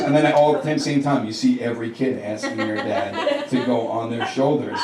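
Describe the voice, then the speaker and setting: A man's voice: medium pitch, steady tone, brisk. Crude stand-up comic man in a club. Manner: crude, conversational, acts out quotes. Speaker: stand-up comedian. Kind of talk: stand-up comedy set. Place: comedy club stage. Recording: roomy club, distant mic, crowd laughter. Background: audience laughing.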